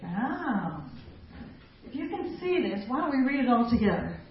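A woman's voice: a little high, very animated, normal speed. A middle-aged woman gives a chatty, self-mocking talk to a women's group and laughs often as she goes. Her voice comes from a distance in a very echoey hall. The sound is dull and lo-fi, with a faint hiss behind it. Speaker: women's ministry speaker.

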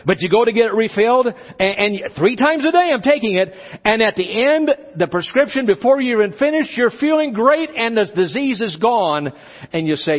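A male pastor preaching a sermon, animated, acting out little dialogues as he goes. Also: high voice, normal speed. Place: church conference hall. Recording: dull live recording in a reverberant hall.

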